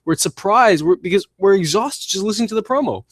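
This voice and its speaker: A man's voice: high voice, animated, fairly quick, no echo, clean studio sound. A man hosting a solo podcast, ranting with sarcasm and mocking impressions as he talks. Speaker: podcast host. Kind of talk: solo wrestling commentary podcast.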